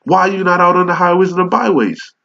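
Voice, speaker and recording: A man's voice: high voice, fast, vocal fry, sharp tone. A man with a cold preaching an angry, profane rebuke, reading scripture aloud in old English. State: sick with a cold. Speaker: street preacher. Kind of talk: confrontational rebuke sermon. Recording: dull lo-fi recording.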